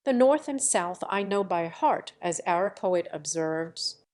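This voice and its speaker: A woman reading the part of an eager young woman who paints, with a pleading, lively manner. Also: lowish voice, slow pace.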